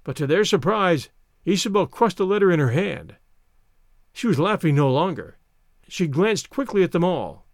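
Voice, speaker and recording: Man, reading a story aloud, expressive, lively melody, fairly high voice, dry close recording. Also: normal speed, no room sound. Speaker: reader. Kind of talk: scripted narration.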